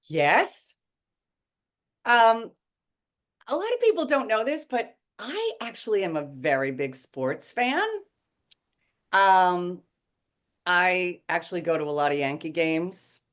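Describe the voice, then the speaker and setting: A woman with a New York accent, a stage actress telling stories as a podcast guest in a lively, playful, theatrical way. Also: on the low side, takes it slowly, long pauses. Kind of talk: casual podcast chat.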